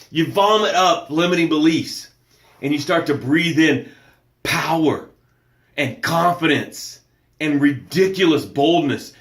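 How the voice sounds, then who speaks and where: A man's voice: medium pitch, a bit bright, reverberant. A man hosting a live motivational show, speaking with emphatic, preacher-like energy and greeting viewers by name as he reads their comments. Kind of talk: live-streamed motivational talk.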